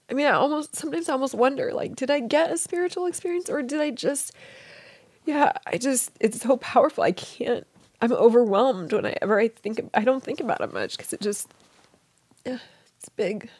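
A middle-aged woman telling a personal story in a soft, halting way, sometimes falling to a whisper. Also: sits high, animated, breathy edge, no echo. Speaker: interview guest.

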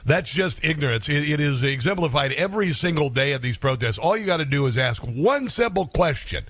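A man's voice: a little high, expressive, brisk, a bit bright, no echo. A man hosting a talk radio show, delivering an emphatic, mocking monologue and laughing often. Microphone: studio microphone.

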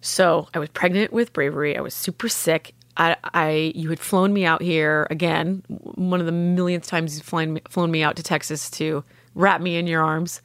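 A woman's voice: low voice, steady tone, moderate pace, few pauses, no room sound. A young adult woman telling an emotional personal story in earnest, heartfelt talk, acting out the voices of the people she quotes. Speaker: guest sharing a personal story.

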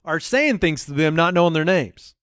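A man co-hosting a comedy podcast, playful, slipping into quoted voices now and then. His voice is high and lively in pitch. It is recorded dry and close. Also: normal speed, no room sound. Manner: playful, acts out quoted lines. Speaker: podcast co-host. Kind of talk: casual comedy banter.

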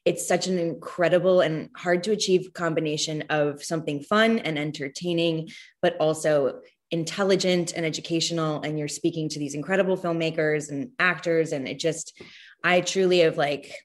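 A woman's voice: low-pitched, fairly even intonation. Earnest, gushing woman guest. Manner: gushing, earnest, laughs often, halting restarts. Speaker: podcast guest. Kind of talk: casual interview chat.

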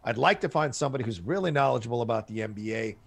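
A man hosting a live show with a gravelly, rough edge and a lively voice that leaps up and down in pitch. His talk is loud, excitable and full of jokes, recorded dry and close. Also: no room sound. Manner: loud, excitable, quick to joke. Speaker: show host. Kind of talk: casual chat.

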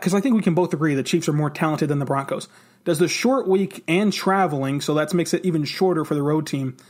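Excited male football podcast co-host, slightly higher voice, rapid rambling delivery. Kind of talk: casual sports talk.

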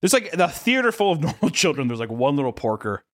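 A young man co-hosting a podcast in casual chat, animated and profane, often acting out voices. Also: on the high side, fast talker, dry recording, studio quality. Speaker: podcast co-host.

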